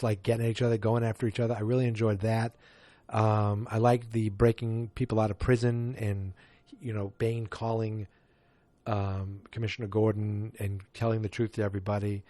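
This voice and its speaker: A man's voice: fairly low pitch, mellow, dry recording. A man hosting a casual movie review podcast, talking in a loose, rambling way with lots of fillers and restarts. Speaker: podcast host.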